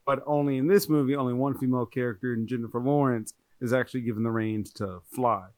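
A man's voice: mid-range voice, fairly even intonation, quick pace, no room sound. A man co-hosting a podcast, reviewing a movie in casual chat, rambling and correcting himself as he goes. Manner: chatty, rambling, self-correcting. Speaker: podcast co-host.

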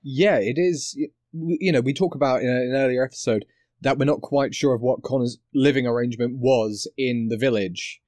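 A man's voice: mid-range voice, a little fast, a little mellow, no room sound. Dry-witted man in a close, dry recording. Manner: dry wit, reasoning aloud. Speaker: podcast co-host. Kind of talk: casual film-discussion chat.

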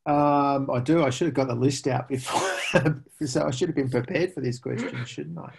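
A man being interviewed as a pricing expert, an animated storyteller who laughs often. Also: mid-range voice, normal speed, vocal fry, background noise. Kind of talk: conversational interview.

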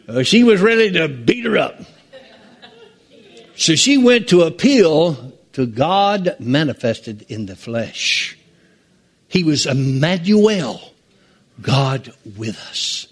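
Animated, slow-preaching pastor with a drawl. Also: male voice, gravelly. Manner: preaching with sweeping pitch swings, drawn-out emphatic phrases. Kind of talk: sermon.

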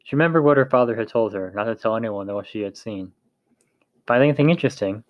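A man's voice: on the low side, fast, muffled recording. A man narrating a novel aloud in a plain reading voice with small slips and restarts.

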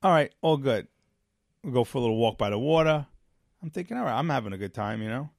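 A man's voice: mid-range voice, fast talker, creaky, no room sound, clean studio sound. A man in his forties co-hosting a podcast, telling a story in casual chat and acting out the dialogue. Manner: animated storyteller who acts out dialogue. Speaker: podcast co-host.

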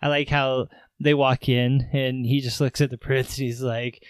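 Recapping a film with his podcast partner, this man performs the characters' quotes loudly and breaks into frequent laughter. His voice sits at medium pitch with a flat delivery, normal speed and a clean, echo-free tone.

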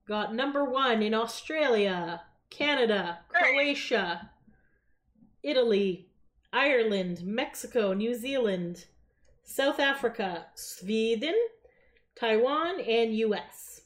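A woman's voice: a little high, animated, slow pace, a bit bright. A woman co-hosting a casual chat podcast, reading out facts between chatty asides. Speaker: podcast co-host.

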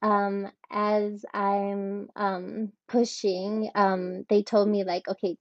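A woman's voice: flat delivery, extremely slow, dry recording. A woman, a podcast guest, telling a personal story in an emotional, rambling way, full of "like" fillers. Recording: dull, dry low-fi audio.

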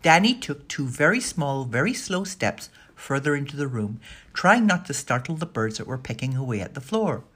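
A woman with a low, slightly husky voice reads a children's storybook aloud. Her pitch moves lively through the sentences, and she lifts her voice for the characters' lines. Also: moderate pace. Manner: expressive, voices the dialogue. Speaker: narrator. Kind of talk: storybook reading.

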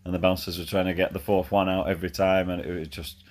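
A man tells a rambling night-out story in a voice message, his voice deep and held in a narrow range. He fills gaps with "uh" and keeps a cheeky, laddish tone, with faint music in the background. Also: flat delivery, quick pace, a little mellow. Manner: chatty, laddish, full of fillers. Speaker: caller sending a voice message.

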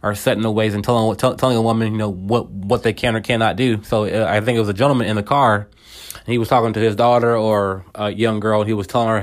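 Halting, casual man with low voice. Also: steady tone. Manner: halting, repeats words, casual slang like "bro". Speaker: podcast host. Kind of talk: casual personal monologue.

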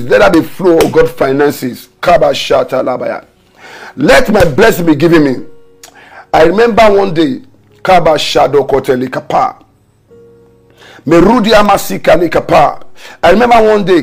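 A man's voice: on the high side, vocal fry, darkish tone, husky. A man pastor preaching an online morning prayer sermon, fervent, mixing tongues and repeated decrees with stories. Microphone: home camera setup for an online broadcast.

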